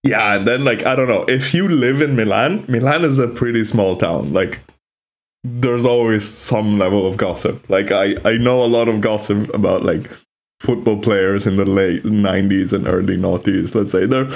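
A man's voice: on the low side, normal speed, vocal fry. A man from Italy with an Italian accent, a native Italian speaker co-hosting a podcast in casual, opinionated chat. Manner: chatty, opinionated, frequent "like" fillers. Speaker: podcast co-host.

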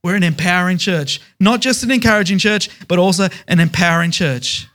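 A man's voice: sits high, fairly quick, a bit bright. Emphatic male pastor preaching. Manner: emphatic, repeats key words in lists. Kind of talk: sermon.

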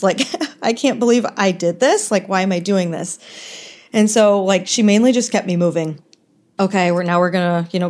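A woman's voice: lowish voice, darkish tone. A young woman telling a personal story as a podcast guest, candid and conversational, with many "like" fillers.

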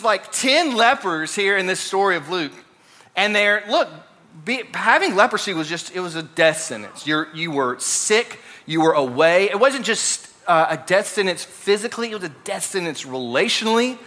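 A young Southern man from Alabama, USA, delivers a relaxed, story-driven sermon in a high, bright, forceful voice. His conversational style is full of fillers and restarts.

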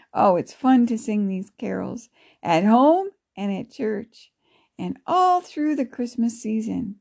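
A woman podcast storyteller reading a children's story aloud in a gentle, affectionate way. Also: on the high side, creaky. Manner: gentle, affectionate, laughs softly.

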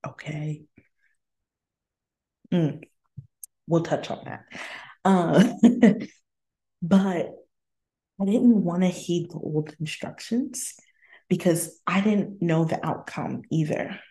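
Slow, low-voiced woman hosting a reflective podcast. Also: warm tone. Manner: reflective and candid, laughs often between thoughts. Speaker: podcast host. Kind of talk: casual faith-sharing monologue. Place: her apartment. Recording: roomy echo in a home room.

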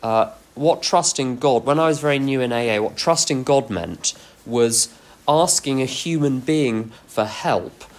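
Man, mid-pitched, workshop speaker sharing self-deprecating stories; frank, unpolished delivery. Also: lively intonation, a little slow. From England. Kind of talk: workshop talk with personal anecdotes.

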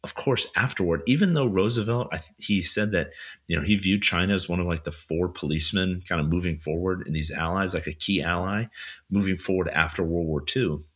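A male podcast co-host walking listeners through history in a casual, filler-laden way. His voice is very deep and husky, with a bright edge. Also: fairly quick. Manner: steady explainer, frequent "you know" fillers.

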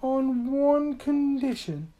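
A woman's voice: high-pitched, expressive, takes it slowly, voice pushed up, low-quality recording. A woman voicing a cheerful, bossy little girl who commands things with magic, in a storybook reading. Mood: brisk. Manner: bright, commanding one-word spells.

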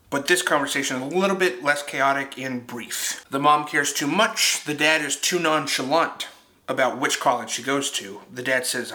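Young man, casual film review, chatty, animated, laughs easily, bright tone. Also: medium pitch.

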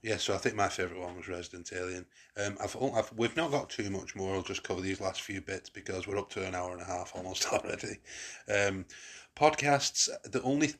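A man hosts a relaxed podcast conversation in a very deep, husky voice. He rambles, circling back with fillers and false starts as he talks through his picks. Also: a little fast, hardly any pauses. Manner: rambling, many restarts and fillers. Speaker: podcast host. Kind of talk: casual chat.

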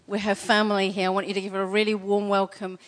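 A woman's voice: mid-range voice, level tone, quick pace. A woman hosting an event, introducing a guest speaker in an enthusiastic, encouraging way. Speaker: event host. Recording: reverberant hall.

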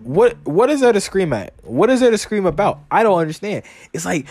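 A man's voice: sits high, brisk, hardly any pauses, faint music behind. A young man hosting a podcast, ranting comedically with heavy swearing and mocking voices. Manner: animated, swearing, mock-quoting people in a raised voice. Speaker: podcast host. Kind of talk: profane comedic rant.

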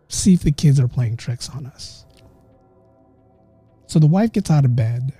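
A man tells a ghost story on his podcast, his voice very dark and mellow and sitting a touch high. He chats straight to his listeners and slows down to build suspense. The sound is close and dry, with faint music behind. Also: no echo. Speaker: podcast host. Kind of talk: casual ghost story telling.

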